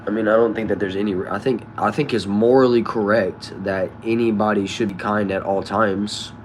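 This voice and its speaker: A streamer reads viewer comments aloud in a casual live chat, answering in relaxed slang and addressing people as y'all and bro. His voice is on the low side with fairly even intonation, he talks fairly quickly, and slight background noise is present.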